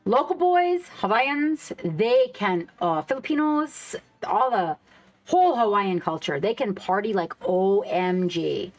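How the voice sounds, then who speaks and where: A woman's voice: mid-range voice, expressive, takes it slowly, faint music behind. A woman hosting a casual live stream, chatting loosely with viewers, swearing freely and reacting to the chat.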